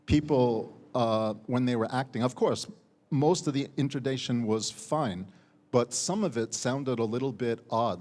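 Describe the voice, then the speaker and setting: A man's voice: medium pitch, a little mellow. An American man, a university teacher, giving spoken feedback to student contestants. He keeps checking with "okay?" and repeats words as he goes. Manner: ends phrases with a checking "okay?", repeats words while speaking. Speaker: competition judge, university teacher. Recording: long hall reverb.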